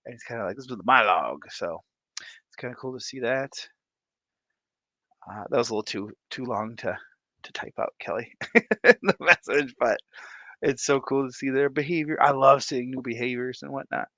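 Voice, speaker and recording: Excitable man hosting a livestream. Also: medium pitch, moderate pace, long pauses, dry recording. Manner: excitable, laughs often, greets chat viewers by name. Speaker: livestream host. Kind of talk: casual livestream chat.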